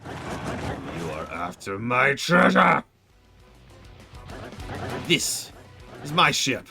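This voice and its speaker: A cold-blooded ghost pirate captain, as a man puts him on, booming out threats in a theatrical, swooping voice. He sounds boastful and menacing, with game music playing behind him. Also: sing-song, drawn-out words, vocal fry, bright, forceful tone, heavily acted.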